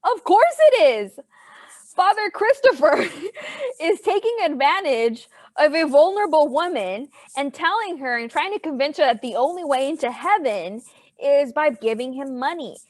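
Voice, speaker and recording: A woman teacher lectures to her class over a video call with a chatty, animated delivery. Her voice sits a little high. The sound is dry and close, with no room around it. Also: normal speed, no echo. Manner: chatty, animated and playful with students. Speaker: history teacher.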